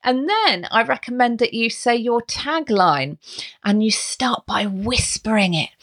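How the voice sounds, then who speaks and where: Lively, slow-talking woman voice coach. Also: on the high side. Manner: bubbly and encouraging, with playful vocal demonstrations. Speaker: voice coach and podcast host. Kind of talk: instructional podcast talk.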